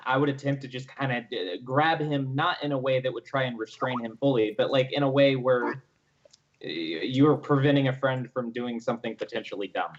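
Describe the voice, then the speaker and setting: A man's voice: medium pitch, moderate pace, slight background noise. A man playing in a tabletop game, chatting casually and teasing his friends. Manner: joking, teasing. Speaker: player. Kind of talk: casual chat. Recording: dull lo-fi call audio.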